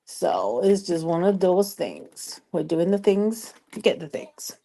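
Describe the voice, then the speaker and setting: A woman's voice: lowish voice, big pitch swings, a little slow, dark tone. A woman chatting casually on a live stream while doing her makeup, telling a story in a chatty, exasperated way with lots of emphatic repetition. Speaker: social media strategist and vlogger.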